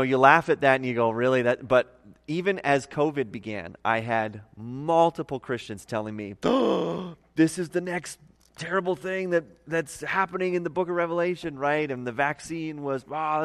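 A man teaching a livestreamed Bible study as pastor, in a casual, conversational way with lots of fillers. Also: mid-range voice. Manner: casual and conversational, many fillers, animated emphasis. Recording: long echoey reverb.

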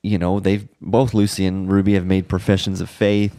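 Gravelly low-voiced dad chatting. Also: male voice, moderate pace. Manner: rambling, animated storytelling with laughs. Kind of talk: casual chat.

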